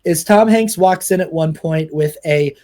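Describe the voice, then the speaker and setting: A man's voice: fairly high pitch, unhurried, darkish tone. A man co-hosting a podcast and talking through a film review in casual chat, rambling and often restarting his sentences as he retells scenes. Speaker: podcast co-host.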